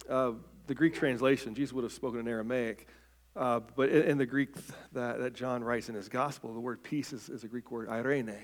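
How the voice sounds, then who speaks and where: A man preaching a sermon in an earnest way, often repeating words as he starts a phrase and dropping to a soft, quiet voice on key points. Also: on the high side.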